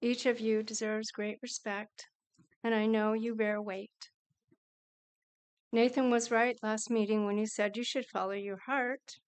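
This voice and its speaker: A woman giving a prepared public comment at a meeting, measured and earnest. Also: fairly high pitch, little pitch movement, clean tone. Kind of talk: prepared statement at a council meeting.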